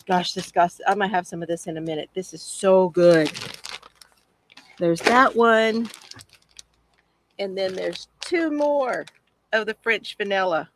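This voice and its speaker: A woman's voice: mid-range voice, expressive, takes it slowly, long pauses, slight background noise. A woman hosting a casual crafting livestream, chatty and gushing as she answers viewer comments from home.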